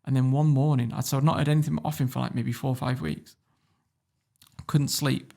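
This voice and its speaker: A quick-talking man from northern England with a gravelly, creaky voice. He tells a story as a podcast guest, loose and animated, swearing freely as he goes. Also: medium pitch. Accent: northern English. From Warrington, England. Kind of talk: casual interview storytelling.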